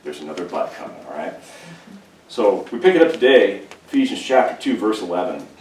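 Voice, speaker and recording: Joking pastor preaching in an echoey church. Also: male voice, lowish voice, fairly quick. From California. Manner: joking, conversational, animated storytelling. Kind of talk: humorous sermon. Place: church sanctuary. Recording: echoey church room, distant mic, faint hiss.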